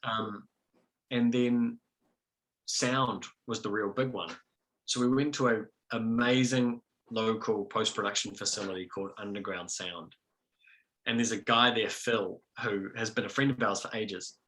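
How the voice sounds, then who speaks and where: Young New Zealand man, indie filmmaker guest, bright forward tone, rambly casual talk full of fillers. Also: lowish voice, steady tone, measured pace, low-quality recording. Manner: chatty, self-deprecating, many fillers. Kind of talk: casual video-call discussion.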